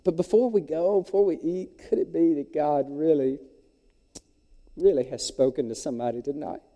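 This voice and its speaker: A man, preaching a sermon in a folksy, animated storytelling way. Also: fairly high pitch, moderate pace, long reverb tail, dull audio. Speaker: pastor. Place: church sanctuary.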